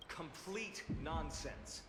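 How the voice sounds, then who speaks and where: An actor playing a weary, gruff swordsman in a video game, speaking drily with a threatening edge. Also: fairly high pitch, lively intonation, drawn-out words, fairly bright tone, a little hiss or hum, exaggerated voice. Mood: menacing. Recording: roomy game audio under music.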